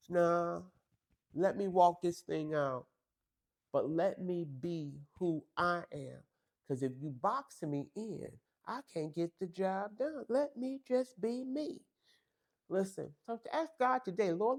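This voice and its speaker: A woman's voice: lowish voice, darkish tone. Emphatic woman preaching a pep talk. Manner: talks straight to women listeners, calls them girl and honey. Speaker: podcast host. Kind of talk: faith-based motivational talk.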